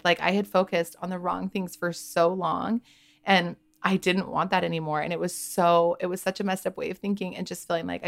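Woman in her 30s, kinda gravelly, chatty podcast guest, lots of "like"s. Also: on the low side. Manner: candid, chatty, full of "like" and quoted inner thoughts. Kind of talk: personal storytelling in a podcast interview.

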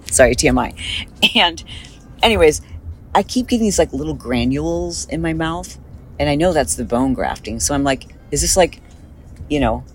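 A woman podcast host chatting casually in a car, rambling and animated, with a slight lisp from recent dental work. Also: rumbling low, slight background noise, poor audio. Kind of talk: casual chat, recorded on the go.

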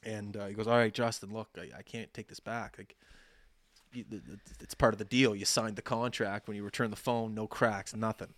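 A man in his thirties co-hosts a podcast, telling a long story in a lowish voice at a fairly quick pace with no echo. Animated and casual, he acts out the quoted dialogue for each person involved.

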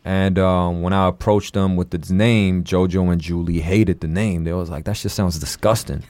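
Slangy laid-back young man, low voice. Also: flat delivery, normal speed, darkish tone, no room sound. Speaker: podcast co-host. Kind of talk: casual podcast chat.

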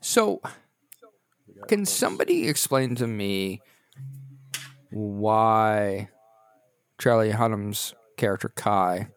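A man's voice: lowish voice, expressive, slow, pauses often. Man, film podcast co-host, blunt wry casual talk. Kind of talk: casual movie review chat.

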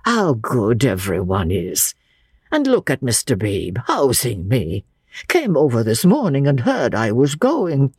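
A woman voicing a gentle, weary old man who speaks slowly and in a low hush. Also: huge pitch swings, breathy edge, no echo, clean studio sound, full character voice. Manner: slow, soft, low and hushed.

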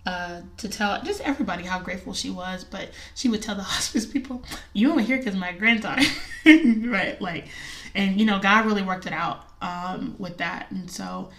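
A woman's voice: medium pitch, normal speed, creaky, a bit bright, far from the mic. A woman in her thirties telling a personal story in casual talk, chatty and emotional, with many fillers and frequent laughs.

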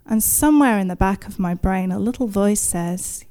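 Speaking quickly and animatedly in a warm, mid-range voice, a woman in her thirties recounts something that happened to her. She tells it to an audience in the present tense, vividly and at her own expense, with laughter bursting out along the way.

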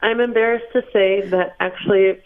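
A woman's voice: medium pitch, normal speed. Woman guest on a tinny phone line. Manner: animated, laughing storyteller. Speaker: interview guest. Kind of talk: phone interview.

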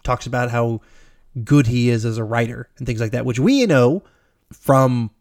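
A man's voice: mid-range voice, moderate pace, darkish tone, no room sound, studio quality. A man co-hosting a podcast, recapping a film in casual, rambling chat, swearing freely and laughing often. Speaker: podcast co-host.

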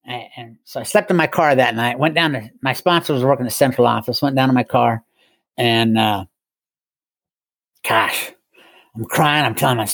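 A middle-aged man tells his story in an easygoing way, joking at his own expense and chuckling often. His voice sits at an ordinary pitch. The sound is dry and close. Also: normal speed, long pauses, fairly bright tone, dry recording. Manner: wry, self-mocking humor with chuckles. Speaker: guest speaker in recovery. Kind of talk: casual storytelling.

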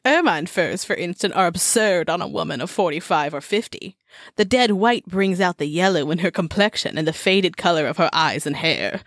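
A woman co-hosts a casual podcast, reading from an old book and breaking into wry comments and laughter. Her voice moves a lot in pitch. The sound is dry and close to the mic. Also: normal speed, dry recording. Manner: animated, laughing, wry asides while reading. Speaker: podcast co-host.

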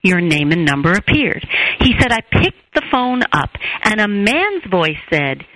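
A woman therapist, a radio guest, telling a personal story with lively, expressive delivery and acted-out quotes. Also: unhurried, a little hiss or hum, poor audio. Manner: expressive, acts out quoted voices with big pitch jumps. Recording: radio show.

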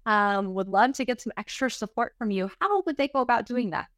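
A woman's voice: on the high side, a little fast, a bit bright, no echo, clean studio sound. A woman hosting a podcast interview, encouraging and affirming her guest and laughing along. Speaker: podcast host.

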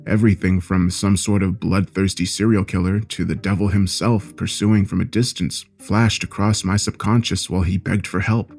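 Low-voiced man narrating a horror story. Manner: measured, steady storytelling.

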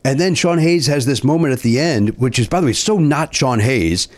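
A man's voice: medium pitch, animated, moderate pace. A middle-aged man, a comedian and co-host, chatting casually and telling rambling stories that trail off and restart. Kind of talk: casual chat.

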